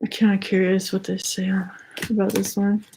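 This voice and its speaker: Flat, gravelly woman reading tarot cards. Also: medium pitch, moderate pace, a little hiss or hum. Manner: rambling, heavy use of "like" fillers. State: slightly out of breath. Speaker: tarot card reader. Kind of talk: casual spiritual card reading.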